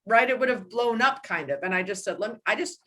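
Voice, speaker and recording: A woman in her sixties with a fairly high voice tells a personal story during a casual book club discussion. Her delivery is animated, and she mixes in quick asides. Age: 60s. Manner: animated anecdote telling with laughs.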